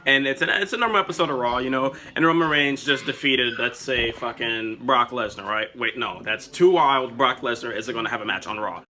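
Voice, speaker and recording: A young man vlogging in a casual, excitable and profane way, rambling as he spins made-up storylines. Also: mid-range voice, a little fast, few pauses. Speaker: wrestling vlogger. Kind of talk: casual chat.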